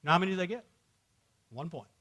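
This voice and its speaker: His voice sits high and sounds animated and sharp, moving at a quick pace. Teaching a church men's group, he keeps things humorous and conversational, firing questions at the audience and laughing a lot.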